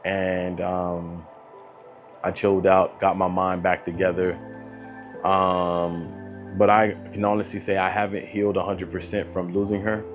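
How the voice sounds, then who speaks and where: A man telling a personal story of loss in a soft, halting way, with many pauses and restarts. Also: low-pitched, flat delivery. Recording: dull lo-fi audio with music behind. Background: soft instrumental music.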